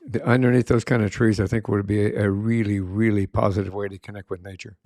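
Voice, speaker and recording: A podcast host with a fairly low, somewhat mellow voice interviews a guest, talking fast in a flat delivery. He affirms his guest and poses long, winding questions. The sound is studio quality with no room echo.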